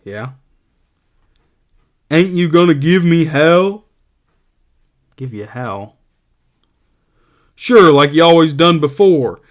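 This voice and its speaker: A slow, childlike farmhand pleads and frets in a plain, earnest voice, as read by a man. He draws his words out unhurriedly, like a worried child. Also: fairly high pitch, expressive, pitched above the performer's own voice. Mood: pleading. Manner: childlike, pleading rural drawl. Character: simple-minded big man, childlike and pleading.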